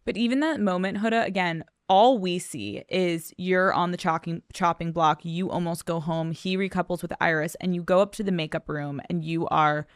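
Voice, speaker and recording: A woman hosts a podcast interview with a slightly low voice. She asks her questions bluntly and casually, swearing now and then. The sound is dry and close-miked. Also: normal speed, hardly any pauses, smooth, no room sound. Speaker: podcast host.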